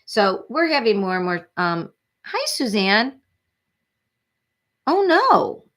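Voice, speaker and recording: Woman, forties, livestream host, rambling chatty manner, bright tense tone. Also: medium pitch, big pitch swings, a little slow. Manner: chatty, rambling, sympathetic with frequent laughs. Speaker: true crime livestream host. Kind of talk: casual livestream chat reading viewer comments.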